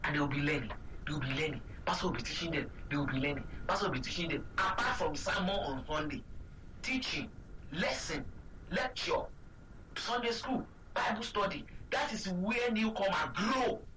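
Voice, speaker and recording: A man's voice: on the high side, lively intonation, normal speed, sharp tone, far from the mic, slight background noise, poor audio. A man with a Nigerian accent preaching a sermon as a pastor, repeating emphatic phrases and asking rhetorical questions.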